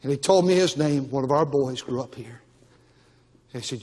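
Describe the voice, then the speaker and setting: A man's voice: medium pitch, normal speed, a little mellow, slightly rough. An older man preaching a Baptist sermon as pastor, with emphatic, repetitive exhortation. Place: church auditorium. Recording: long church-hall reverb.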